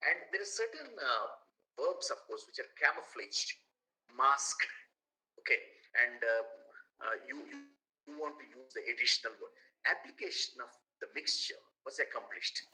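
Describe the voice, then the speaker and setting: A middle-aged man with an Indian English accent giving a classroom lecture, animated, with rhetorical questions and plenty of fillers. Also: mid-range voice, moderate pace, poor audio. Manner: animated, rhetorical asides, fillers and repeated words. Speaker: guest lecturer.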